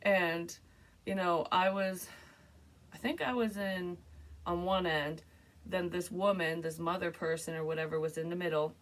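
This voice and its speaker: Woman, lowish pitch, casual vlog storytelling, rambling, curses, filler-heavy. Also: a little slow. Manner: rambling, animated, swears freely, frequent "like" fillers. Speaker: psychic medium sharing a dream.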